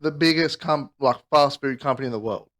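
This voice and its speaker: A man telling a rambling, sweary story in casual podcast chat. He acts out the people he quotes in higher voices. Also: a little fast, fairly bright tone. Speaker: podcast co-host.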